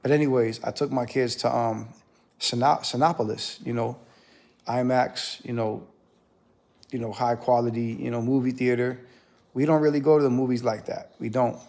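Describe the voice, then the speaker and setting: A pastor in his thirties tells a story straight to camera, with a gravelly edge running through his voice. He wanders off on asides full of fillers and restarts. He turns indignant as the story goes on. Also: mid-range voice, level tone, moderate pace, a little mellow. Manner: rambling, full of "you know" and restarts, growing indignant.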